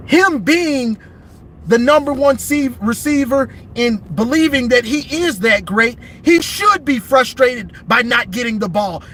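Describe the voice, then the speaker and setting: A man's voice: very high voice, pushed and bright, a little hiss or hum. A man ranting casually about football on a livestream from inside his car, emphatic and repeating himself. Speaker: sports commentator vlogger.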